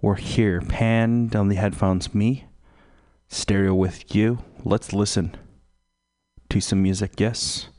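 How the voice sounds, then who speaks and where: Slow, low-voiced rambling radio man. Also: steady tone, a little mellow. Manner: profane, slow and meandering. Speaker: radio host. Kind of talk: rambling live radio banter.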